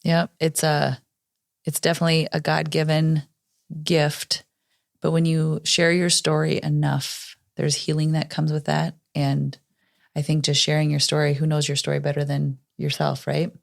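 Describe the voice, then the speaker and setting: A woman's voice: deep voice, little pitch movement, normal speed, vocal fry. A woman co-hosting a podcast, chatting in an encouraging, heartfelt way. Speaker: podcast co-host. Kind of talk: casual conversation.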